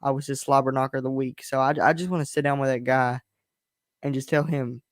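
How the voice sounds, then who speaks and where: A man's voice: medium pitch, fairly even intonation, fairly quick, dry recording, studio quality. A young man hosting his own podcast stream from his bedroom, talking in a candid, rambling and frustrated way. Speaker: podcast host. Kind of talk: casual solo stream rant.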